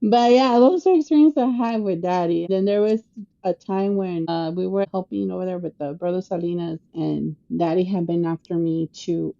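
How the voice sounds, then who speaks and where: A woman casually telling family stories on a podcast, animated and acting out the people she quotes, with Spanish words mixed in. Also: on the low side, moderate pace, vocal fry, dull audio. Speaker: podcast co-host sharing family memories. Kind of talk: casual storytelling.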